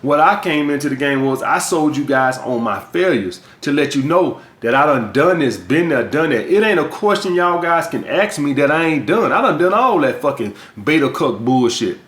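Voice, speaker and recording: A man's voice: on the high side, expressive, normal speed, few pauses, a bit bright. A man from the US South with a Southern accent, giving blunt, profane dating and sales advice as a coach in a vlog monologue. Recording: echoey room.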